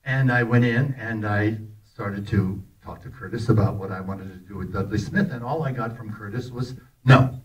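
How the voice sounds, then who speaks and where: An older actor telling anecdotes to a festival audience in an animated, laughing way, often acting out the lines he quotes. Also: lowish voice, normal speed. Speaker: actor telling stories about a film. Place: festival talk in a hall. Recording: voice picked up from a distance.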